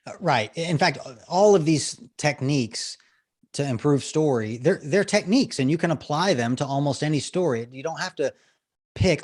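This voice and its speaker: A man, a storytelling coach, explaining techniques and telling an example story on a podcast interview, animated and laughing often. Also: fairly high pitch, moderate pace. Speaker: guest, business storytelling coach.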